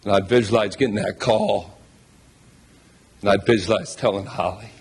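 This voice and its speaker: A man with a fairly low voice speaks at a press conference as a newly hired head coach. He sounds heartfelt and emotional and keeps thanking people. Faint background noise sits under the recording. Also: fairly even intonation, moderate pace.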